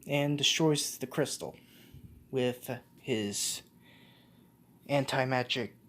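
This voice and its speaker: A man's voice: medium pitch, slow pace, a bit bright, a little hiss or hum. A man casually retelling a fan-made story off the cuff, full of restarts and self-corrections. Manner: casual, slangy.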